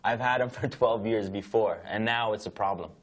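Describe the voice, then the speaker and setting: A man's voice: fairly low pitch, normal speed, close to an everyday voice. A man playing a defensive, exasperated patient in a training video, pushing back on his counselor. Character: defensive male asthma patient, dog owner.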